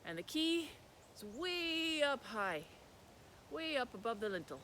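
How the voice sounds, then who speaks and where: Male storyteller, folk tale, lively pitch, faint noise behind. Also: measured pace. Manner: animated, with sound words.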